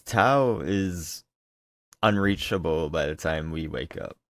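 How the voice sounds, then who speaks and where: A man's voice: deep voice, takes it slowly, no echo, clean studio sound. A man co-hosting a gaming podcast, explaining at length in casual, rambling chat. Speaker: podcast co-host.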